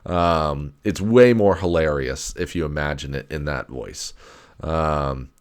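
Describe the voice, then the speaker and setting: A man with a very deep voice rambles through a casual solo rant. He swears freely, stacks up fillers and restarts his sentences often. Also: slow, clean tone. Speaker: podcast host.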